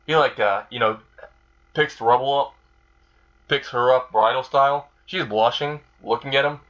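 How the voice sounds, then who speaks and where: A man's voice: medium pitch, moderate pace, fairly bright tone, muffled recording. A man casually retelling a comedic fan story, rambling and crude with lots of filler words.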